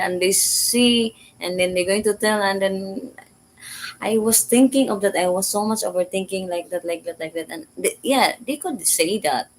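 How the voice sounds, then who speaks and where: A woman casually telling a personal story in halting, repetitive English. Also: mid-range voice, slight background noise, low-quality recording. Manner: halting, repeats words, simple learner English.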